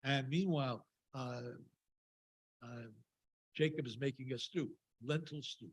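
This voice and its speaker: Giving a Torah talk at a Shabbat service, a man with a husky, medium-pitched voice speaks a little slowly, retelling a scripture story in an informal, digressive sermon. He uses frequent fillers and wry asides, and the recording is rough.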